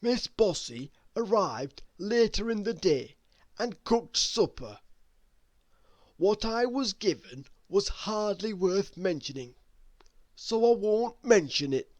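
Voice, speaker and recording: A woman reading a bedtime story aloud in an expressive, unhurried way. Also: mid-range voice, no echo.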